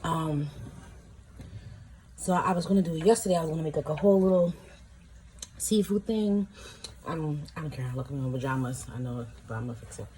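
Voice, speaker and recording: A woman's voice: sits low, fairly quick, long pauses, mellow, a little hiss or hum, low-quality recording. A woman filming a casual food-tasting vlog at home, chatty and emotional, exclaiming over what she eats. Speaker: vlogger. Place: home, in pajamas.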